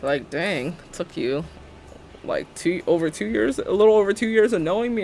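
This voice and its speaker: A woman's voice: lowish voice, lively intonation, moderate pace, gravelly, a little mellow, a little hiss or hum. A young woman live-streaming a building game, chatting casually and sarcastically and laughing often.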